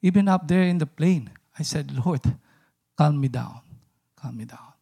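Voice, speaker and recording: Gravelly earnest man in his forties preaching. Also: fairly high pitch, moderate pace, mellow. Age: 40s. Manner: earnest, laughs often, frequent fillers and restarts. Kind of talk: sermon.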